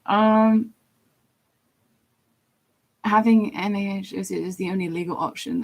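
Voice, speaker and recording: An English woman in her thirties with a deep voice, chatting casually and ramblingly on a livestream about voice acting. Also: steady tone, slow pace, creaky. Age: 30s. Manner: rambling and chatty, with frequent fillers and laughs. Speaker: streamer and voice actor.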